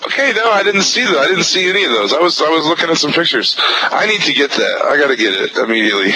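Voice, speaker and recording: A man's voice: a little high, animated, quick pace, pushed and bright, a little hiss or hum, rough recording. A man co-hosting a casual comic-book podcast, agreeable and self-mocking. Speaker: podcast co-host.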